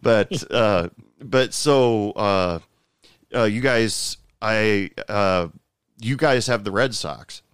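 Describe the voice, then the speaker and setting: Low smooth voiced guy hosting a podcast, lots of uhs, dry sound. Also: very slow, a bit bright, no room sound. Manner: hesitant, many uhs, laughs often. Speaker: podcast host. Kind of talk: casual interview chat.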